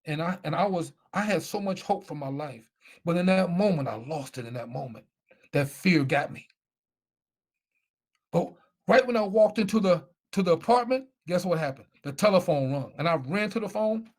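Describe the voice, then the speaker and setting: Animated man telling his story. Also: a little high, moderate pace. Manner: animated, emphatic, repeats himself. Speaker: guest speaker, former football player. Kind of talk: personal storytelling.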